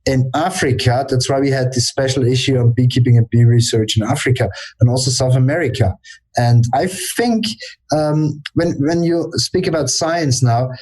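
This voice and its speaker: A man's voice: mid-range voice, moderate pace, a little mellow. A man from Austria, an English speaker, answering interview questions hesitantly. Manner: hesitant, with frequent fillers. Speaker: guest, journal editor.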